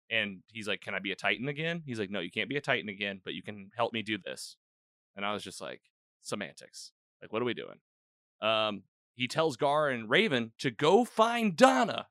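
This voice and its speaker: A man hosting a casual chat, retelling an episode in a rambling, animated way with quoted lines. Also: mid-range voice, dry recording, studio quality. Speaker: podcast host.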